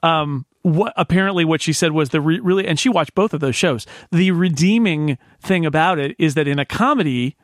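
Male podcast co-host, somewhat high-pitched, chatty and meandering, recorded dry. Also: a little fast, few pauses, no echo. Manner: rambling, self-interrupting. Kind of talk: casual chat.

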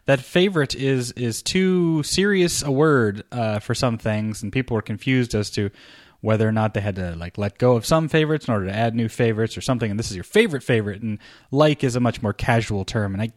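A man's voice: medium pitch, lively intonation, a little fast, no echo, clean studio sound. A man co-hosting a podcast, chatting casually with a teasing, joking manner. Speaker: podcast co-host. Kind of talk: casual chat.

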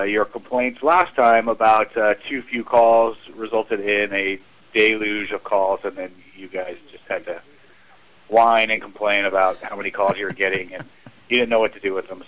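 Low-voiced male caller, rambling offhand voicemail, muffled line. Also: steady tone, normal speed. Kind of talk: voicemail message. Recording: muffled phone message.

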